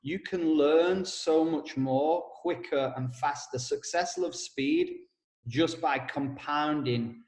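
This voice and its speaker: A man's voice: a little high, big pitch swings, a little mellow. Chatty man in a roomy echo. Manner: chatty storyteller, laughs often, quick asides. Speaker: co-host, personal development coach. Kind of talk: casual podcast chat.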